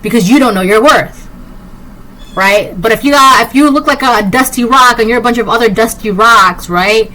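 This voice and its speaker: A woman's voice: fairly high pitch, moderate pace, sharp tone, poor audio. A woman giving a casual tarot reading, rambling and sassy, full of "like" and "um". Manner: rambling, filler-heavy, with frequent "like" and "um". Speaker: tarot reader.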